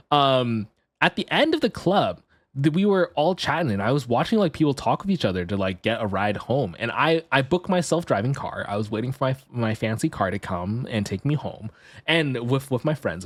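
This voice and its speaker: A man streaming live, chatting casually and telling a story to his chat, jumping into high excited yelps when he gets worked up. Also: normal speed, dry recording. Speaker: VTuber streamer.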